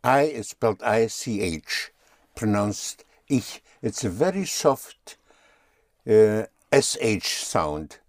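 A man's voice: lowish voice, very animated, slow, no echo, clean studio sound. A man teaching German in a patient one-on-one lesson, often spelling words out letter by letter.

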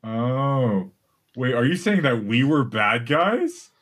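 A dim, naive ogre , as a man puts him on drawls along slowly, his pitch swinging up and down with every puzzled question. He sounds childlike and easily confused. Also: big pitch swings, fairly bright tone, slightly rough, full character voice. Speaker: game master voicing a creature. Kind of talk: tabletop role-play.

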